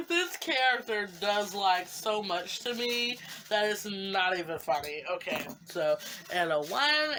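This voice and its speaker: A woman's voice: medium pitch, animated, unhurried, noisy background. A young woman vlogging an unboxing in casual chat, giddy and gushing, with slangy fillers and frequent laughs and squeals. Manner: slangy, lots of fillers like "like" and "you know". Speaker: vlogger unboxing fan art.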